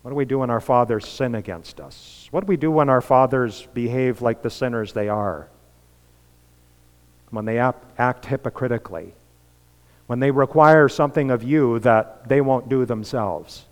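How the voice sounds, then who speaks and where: A man preaching a sermon as pastor, earnest, building to emphatic peaks and dropping to soft, quiet lines. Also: mid-range voice, normal speed. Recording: long reverb of a large hall.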